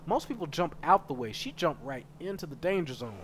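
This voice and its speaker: A man streaming a game live, chatting with viewers and bursting into loud excited yells. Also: on the high side, brisk, hardly any pauses, slight background noise. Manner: excitable, bursts into loud yelling, banters with chat. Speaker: gaming streamer. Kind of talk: live gameplay commentary.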